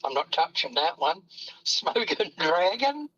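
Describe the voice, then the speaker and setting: A man with a husky, fairly high voice banters casually on a live stream, in an easy and relaxed manner. His audio comes through muffled and dull, from a remote connection. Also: takes it slowly.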